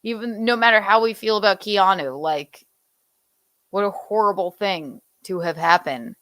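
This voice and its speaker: A woman from the Southern United States hosts a casual pop-culture chat, loose and gossipy and often laughing. Her mid-range voice is a bit bright and moves at normal speed, recorded without echo.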